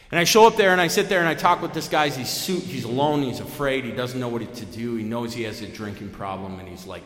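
Man telling his story in an echoey hall. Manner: lively storytelling with big pitch swings, many fillers. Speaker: AA main speaker. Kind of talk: personal recovery talk at a meeting. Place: meeting room. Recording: echoey hall, long reverb.

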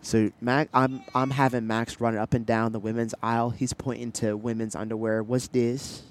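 A young man chatting on a podcast with his partner. He tells stories with lively energy, jumping into goofy accents and voices. His voice sits at an ordinary middle pitch. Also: normal speed. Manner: animated storyteller, tries silly accents. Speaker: podcast co-host. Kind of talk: casual chat.

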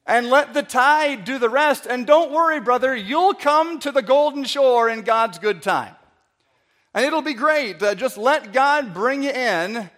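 A seasoned old sailor speaks in a calm, soothing way, handing out advice, as a preacher acts him out in a sermon. His voice sits fairly high for a man. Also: full character voice. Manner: soothing, advising.

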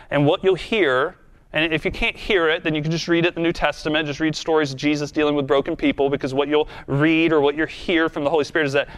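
A man's voice: fairly high pitch, fairly even intonation, fast talker, fairly bright tone. A man preaching a sermon in a conversational, earnest and self-deprecating way, then leading a prayer. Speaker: pastor.

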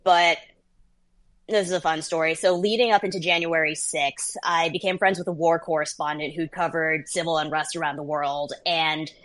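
A woman in her thirties, a journalist guest, telling stories in a lively, casual interview chat. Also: low-pitched, normal speed. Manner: lively storyteller, laughs between phrases.

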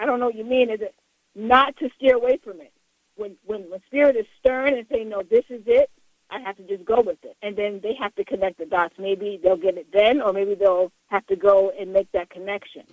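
A woman talking as a psychic medium guest in an interview, recalling stories with halting, repeated words. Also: medium pitch, no echo, phone-quality sound. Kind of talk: casual interview talk.

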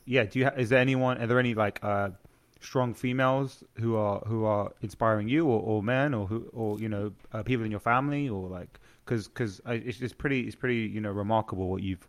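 A man hosting a casual podcast, asking questions in a halting way, often restarting and trailing off. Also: fairly low pitch. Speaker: podcast host.

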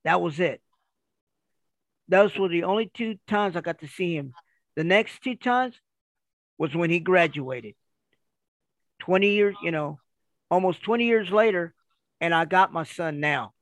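A middle-aged man from Kansas City, a retired wrestler, telling stories from his life in a casual, animated way and acting out the people he quotes. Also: high-pitched, measured pace, pauses often, dry recording. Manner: animated, acts out quoted dialogue. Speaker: retired pro wrestler, guest. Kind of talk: casual storytelling.

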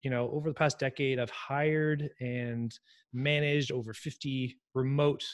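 A man who works as a software engineer, a podcast guest chatting in a friendly, rambling way. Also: medium pitch, fairly even intonation, measured pace. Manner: friendly, rambling, chuckles, talks through tasks. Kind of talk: casual chat.

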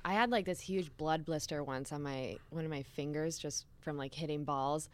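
A woman's voice: sits low, moderate pace, background noise. A woman co-hosting a podcast in casual studio chat, wry and teasing. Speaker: podcast co-host.

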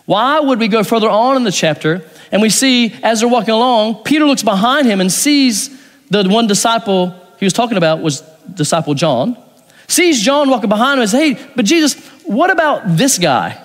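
A man's voice: high-pitched, expressive, fairly quick, big-room sound. A man preaching a sermon as pastor, reading scripture aloud and acting out the dialogue in changing voices. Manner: acts out dialogue with shifting voices.

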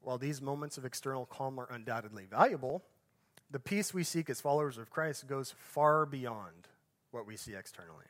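A male pastor giving a sermon, each phrase swelling up and then dropping off to a soft, hushed finish, with conversational asides and self-corrections along the way. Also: mid-range voice, lively intonation, a little fast.

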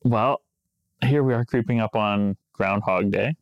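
A man's voice: lowish voice, a little slow, dry recording, lo-fi sound. A man co-hosting a podcast in casual chat, wry and joking, laughing often. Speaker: podcast co-host.

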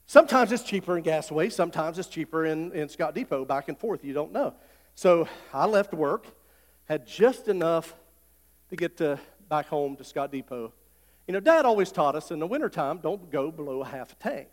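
A middle-aged male pastor, preaching a folksy sermon that swells into loud, repeated declarations. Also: fairly high pitch, expressive, normal speed. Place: church sanctuary. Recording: long hall reverb.

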